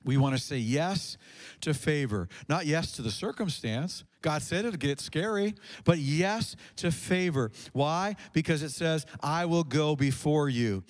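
A man's voice: fairly high pitch, animated, a little slow. A male pastor preaching a sermon to a congregation in a church, impassioned, often repeating words and restarting sentences. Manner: impassioned, rising to fervent peaks.

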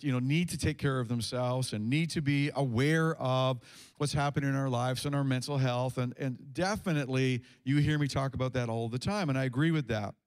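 Pastor, male, mid pitch, casual preaching full of restarts, delivers sermon to church congregation. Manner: conversational preaching with fillers and restarts.

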